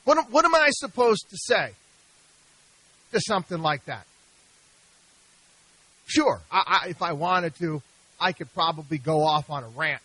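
A middle-aged man hosts a radio talk show from a studio, his voice high and bright as he argues in an exasperated, animated way. He keeps stumbling, repeating himself and restarting his sentences. The sound is close and dry, with no room in it. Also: a little slow, pauses often, slightly rough, no room sound, rough recording. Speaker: radio show host, investment advisor.

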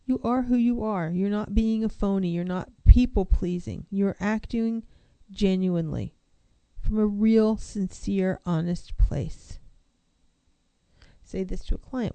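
A woman's voice: mid-range voice, unhurried, dark tone, smooth, no echo. A woman counselor giving an earnest, reflective self-help talk, posing one rhetorical question after another.

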